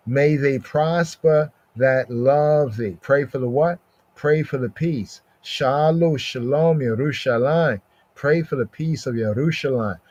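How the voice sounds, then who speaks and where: A man teaching scripture in a slow, deliberate way, repeating phrases and often asking "right?". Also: medium pitch, a little mellow. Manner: repetitive, drawn-out recitation with frequent "right?". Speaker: podcast teacher. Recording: slightly dull lo-fi audio.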